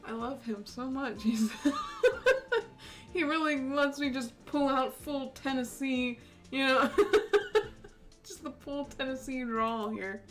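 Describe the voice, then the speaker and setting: A woman's voice: high-pitched, takes it slowly, music in the background. A woman giving casual, chatty commentary while playing a game, laughing often. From United States. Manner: giggly, chatty. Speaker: let's play host.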